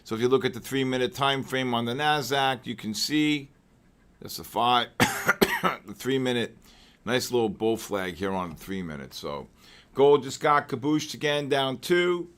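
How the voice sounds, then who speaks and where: An older man hosting a live market trading session, mixing chart talk with joking stories and loud exclamations. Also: mid-range voice, animated, a little slow. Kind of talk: live trading commentary and casual chat.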